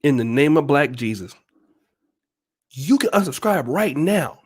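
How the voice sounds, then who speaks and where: Animated, profane ranting man. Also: a little high, measured pace, slightly rough. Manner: emphatic, profane, repetitive, preachy. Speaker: channel host. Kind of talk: ranting commentary to viewers.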